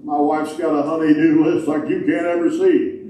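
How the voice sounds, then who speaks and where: A man's voice: on the high side, little pitch movement, moderate pace, warm tone, slight background noise. A man preaching a sermon as pastor, folksy and joking, with casual grammar. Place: large church sanctuary. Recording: echoey hall, distant mic.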